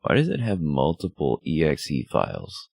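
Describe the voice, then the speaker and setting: A man's voice: very deep voice, huge pitch swings, normal speed, gravelly, a little mellow, slightly rough, dry recording, clean studio sound. A male streamer with a groggy morning voice, chatting casually and rambling as he sets up a game, swearing now and then. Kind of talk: casual gaming livestream chatter.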